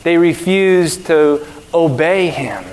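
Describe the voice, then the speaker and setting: A pastor delivers a sermon in a high, unhurried voice, leaning into each point with earnest repetition. His words ring out with a long reverb, as if in a large church sanctuary. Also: a little mellow, slight background noise. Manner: earnest, emphatic preaching with repetition.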